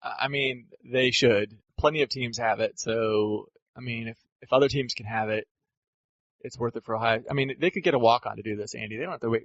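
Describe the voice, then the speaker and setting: A man's voice: mid-range voice, a little fast, no room sound. A man co-hosting a casual sports podcast, ranting and rambling in an exasperated way. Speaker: podcast co-host. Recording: dull lo-fi dry audio.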